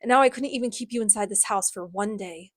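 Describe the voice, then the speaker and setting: A woman's voice: medium pitch, fast, no room sound, clean studio sound, natural voice. A woman voicing a remorseful middle-aged woman, in a casual book recap. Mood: rueful.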